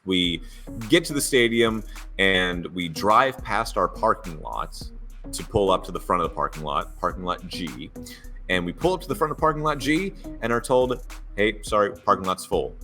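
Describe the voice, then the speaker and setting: A man's voice: sits low, normal speed, faint music behind. A man co-hosting a sports podcast, telling stories in casual chat and acting out the dialogue. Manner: animated storyteller, acts out dialogue. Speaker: podcast co-host.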